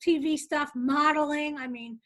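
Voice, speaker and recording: A brash woman with a thick New York accent co-hosts a chatty podcast. She tells stories with flair. Her voice sits very high. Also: steady tone, a little slow, fairly bright tone. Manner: brash, dramatic storyteller. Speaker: podcast co-host. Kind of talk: casual chat.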